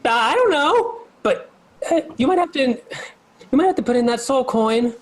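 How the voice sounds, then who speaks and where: A woman's voice: high-pitched, very animated, moderate pace, voice pushed up. A man voicing a small, timid female creature with a trunk, speaking hesitantly and wistfully.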